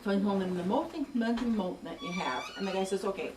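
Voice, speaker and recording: A woman telling a long joke story in an animated, chatty way, stammering and adding asides as she goes. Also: mid-range voice, quick pace. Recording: echoey room, distant mic, background noise.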